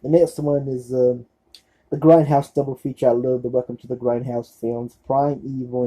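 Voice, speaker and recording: Laid-back male vlogger with a deep, dark tone, offhand and rambling through his picks. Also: level tone, moderate pace, slightly rough, poor audio. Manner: rambling, many fillers and restarts. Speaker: horror movie reviewer. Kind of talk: casual movie recommendation vlog.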